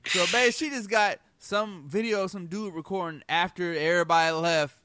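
A man in casual podcast banter, telling stories with animated, incredulous reactions. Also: high voice, normal speed, slight background noise. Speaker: co-host.

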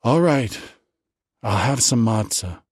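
A man voicing a hungry male rabbi who works himself into an excited, demanding rant. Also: mid-range voice, slow, breathy edge, no echo, clean studio sound. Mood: resigned. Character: frantic hungry male rabbi, middle-aged.

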